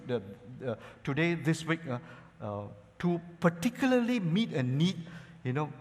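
A male pastor preaches a sermon in a large hall, addressing his listeners as "church" and leaning on lots of "you know" fillers. His mid-range voice swings between loud, emphatic lines and quiet asides.

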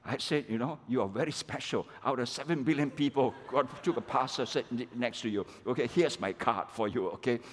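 A middle-aged man delivers a sermon in a lively, storytelling way, constantly checking in with his listeners. His voice sits at an ordinary middle pitch. The recording carries the long reverb of a large church hall. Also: a little fast, few pauses. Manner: animated, repeats "okay" and "all right" to the congregation. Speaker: pastor.

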